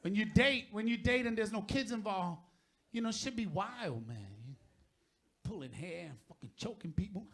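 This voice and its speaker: A middle-aged man doing a stand-up comedy set on stage, profane and shouting out his punchlines. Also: high voice, big pitch swings, moderate pace, creaky.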